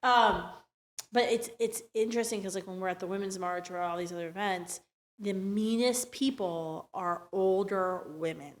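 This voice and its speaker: A woman's voice: medium pitch, moderate pace. Middle-aged female host, casual interview chat, loose and rambling, lots of ums. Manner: chatty, rambling with many fillers and restarts.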